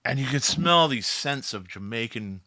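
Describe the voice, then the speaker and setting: A man's voice: medium pitch, expressive, normal speed, bright, forceful tone, no room sound, studio quality. A man narrating a tabletop role-playing game as its storyteller, in a rambling style that often breaks into laughs.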